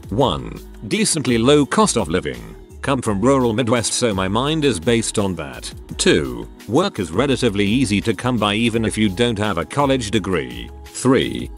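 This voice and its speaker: A man narrating forum posts aloud in a scripted reading, dropping low on list headings. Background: faint background music.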